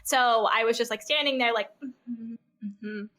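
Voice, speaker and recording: A young woman in her twenties, a podcast guest, telling stories in casual chat, bubbly and quick to laugh, with lots of "like". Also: on the high side, fairly even intonation, fairly bright tone.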